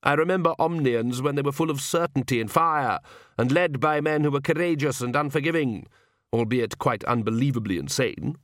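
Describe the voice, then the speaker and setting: A man's voice: mid-range voice, normal speed, no echo, clean studio sound, natural voice. Man playing a suave vampire count. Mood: smooth menace. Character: suave aristocratic male vampire count, menacing.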